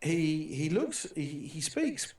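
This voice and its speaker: Man, casual co-host chat, hesitant and halting, lively rising voice, roomy echo, off-mic. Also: a little high. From outside the United States. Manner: hesitant, many restarts and fillers. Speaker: talk show co-host. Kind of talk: casual chat over a call. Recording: echoey room, far from the mic.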